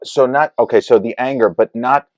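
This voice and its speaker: A man's voice: medium pitch, normal speed, no room sound, highs cut off. A man co-hosting a podcast in casual chat, talking in a rambling, reflective way. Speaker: podcast co-host.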